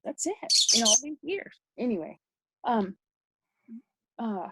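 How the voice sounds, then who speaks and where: A woman's voice: on the high side, sing-song, slow pace, heavy background noise. A middle-aged woman, a podcast guest, telling a personal story in a rambling way with many restarts.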